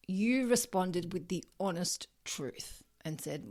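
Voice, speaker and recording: A woman's voice: medium pitch, very animated, unhurried, hardly any pauses. A woman with an Australian accent hosting a solo podcast, talking earnestly and directly, with the odd swear word. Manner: earnest, direct, casually swears, acts out everyday phrases. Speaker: podcast host.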